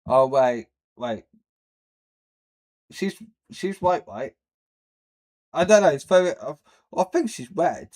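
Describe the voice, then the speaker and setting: A man's voice: fairly high pitch, animated, slow, pauses often, a little mellow. Rambling, crude man. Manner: crude, rambling and laughing at his own slips. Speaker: streamer reacting to a video. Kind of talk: casual reaction commentary.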